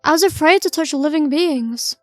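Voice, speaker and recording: A woman voicing a calm, mysterious male entity, reading his lines in a slow, measured way. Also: high-pitched, no echo, lightly acted. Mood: wistful.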